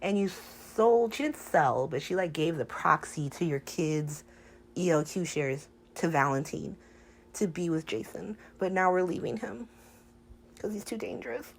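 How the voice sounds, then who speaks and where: A woman's voice: on the low side, expressive, a little slow, creaky, a little hiss or hum, low-quality recording. Sassy, exasperated woman recapping at home. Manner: sassy, exasperated, rhetorical questions. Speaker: soap opera recap host. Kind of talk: casual recap chat.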